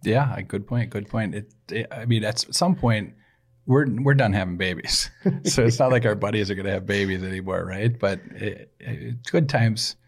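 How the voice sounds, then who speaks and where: A man from Saint Paul chatting casually as a podcast co-host, relaxed and rambling, often trailing off. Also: on the low side, normal speed. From Saint Paul, Minnesota. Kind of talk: casual chat.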